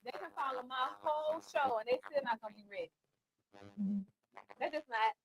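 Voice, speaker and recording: A woman's voice: high-pitched, normal speed, low-quality recording. A woman hosting a live cooking show, chatting and teasing her guests in a playful way.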